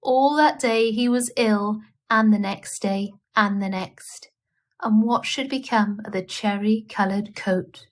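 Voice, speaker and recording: A woman reading a children's bedtime story aloud in a gentle, expressive manner. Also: mid-range voice, slow.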